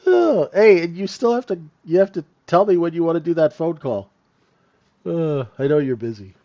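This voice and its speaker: Slightly high and expressive, warm in tone, this man's voice moves at a moderate pace as he hosts a live trading room. He discusses the market casually, checks in with listeners, repeats tag questions and laughs in little asides. The recording has its highs cut off.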